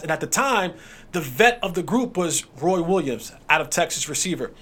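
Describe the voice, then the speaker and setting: Higher-voiced man hosting a chat. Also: unhurried. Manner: relaxed, recounts anecdotes in a conversational way. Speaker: podcast host, former football player. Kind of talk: casual chat.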